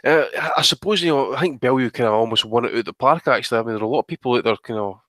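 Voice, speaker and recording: A man's voice: medium pitch, racing, a bit bright, dry recording. A man co-hosting a boxing podcast, ranting with lots of swearing and exasperation. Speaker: podcast co-host. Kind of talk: casual podcast chat.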